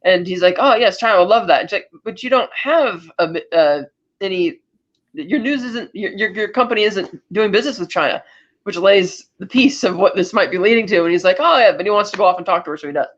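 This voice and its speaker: A woman co-hosts a podcast, casually recapping a film's plot at a slightly fast pace in a medium-pitched voice, with the highs cut off. She chats through it, acting out characters' lines and laughing as she goes.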